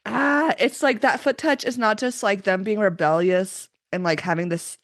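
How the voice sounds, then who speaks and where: A woman's voice: medium pitch, normal speed, a bit bright, dry recording, studio quality. A woman co-hosting a podcast, casually recapping scenes and often chiming in to agree. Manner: chatty recaps, frequent agreeing "mm-hmm" and "yep". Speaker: podcast co-host. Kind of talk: casual chat.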